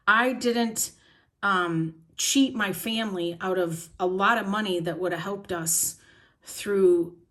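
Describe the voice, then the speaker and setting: A woman's voice: medium pitch, fairly bright tone. Blunt, emotional woman vlogger. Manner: blunt, raw and heartfelt, with pauses and fillers. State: shaken and emotional. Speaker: planner vlogger. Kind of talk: emotional journaling talk to camera.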